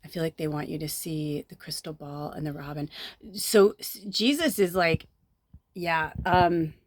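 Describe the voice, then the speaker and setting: A woman's voice: deep voice, a little slow, no room sound, studio quality. A woman from the south suburbs of Chicago, giving a chatty spiritual card reading that often drifts off and drops into whispers. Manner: chatty, easily distracted, breaks into whispers. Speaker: tarot reader and medium.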